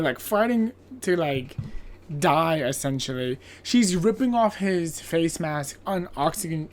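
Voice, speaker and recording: A podcast host casually recapping a movie plot, chatty and profane, with lots of filler words and quick asides. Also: medium pitch. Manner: acts out characters' lines in quoted voices.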